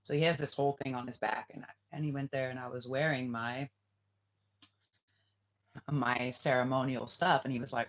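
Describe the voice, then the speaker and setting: A man hosting a casual livestream, rambling and swearing, dropping to a hush and then flaring up heatedly. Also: mid-range voice, fairly even intonation, normal speed. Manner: rambling, profane, swings from hushed to heated. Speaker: spiritual reader and livestream host. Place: Bali, Indonesia. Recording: dull lo-fi livestream audio.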